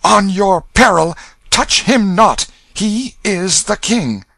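A desperate boy, a pauper made mock king, cries out in a high, ringing voice, as a man puts him on for an audiobook. The voice is pitched well above a deep man's usual and is recorded dry and close. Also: expressive, takes it slowly, creaky, a bit bright, no room sound, heavily acted. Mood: urgent, commanding. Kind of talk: audiobook character reading.

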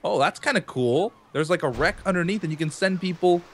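A man at middle pitch, chatting casually while he plays a game with friends. His voice moves up and down freely as he asks how things work. Faint background noise sits under it. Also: lively intonation, a little fast. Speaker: gaming channel host. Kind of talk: casual multiplayer gaming chat.

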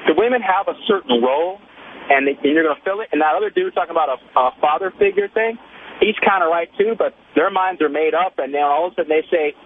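A man calling in to a radio show, telling a story in a chatty, animated way. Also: high-pitched, fast talker, husky. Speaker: caller. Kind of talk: casual storytelling on a call-in show. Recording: tinny phone line with faint hiss.

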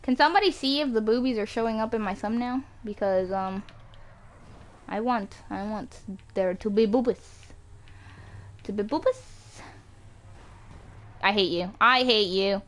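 A woman streaming a racing game live, reacting excitedly, yelping and groaning as she races, on a home mic with some static. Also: mid-range voice, normal speed. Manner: excitable, yelps and groans at the race. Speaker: gaming streamer. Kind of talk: live gameplay commentary.

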